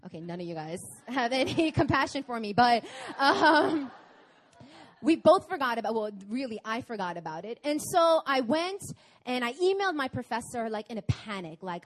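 A young woman speaking at a church prayer meeting, her voice sitting a little high. She tells her story in an animated, chatty way, as if talking with friends. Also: normal speed. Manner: animated, chatty storytelling with laughs and acted-out quotes. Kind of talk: sermon with personal storytelling. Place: church meeting hall in Korea.

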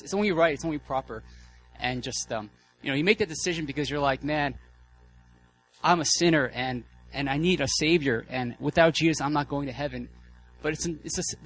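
A man preaching a sermon as a guest speaker, casual and excitable, with many fillers and restarts. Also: mid-range voice, rough recording. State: out of breath.

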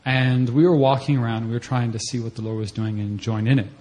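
A young man giving a personal testimony at a church service, telling the story in a conversational way and acting out his own reactions in a voice that jumps up high. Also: flat delivery, fairly quick, mellow. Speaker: church member giving a mission-trip testimony.

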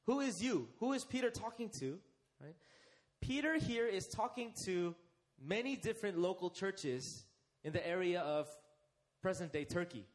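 A young man preaching a sermon, asking his listeners questions and slowing down to stress key phrases. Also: high voice, lively intonation. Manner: interactive, asks the congregation questions and leads them.

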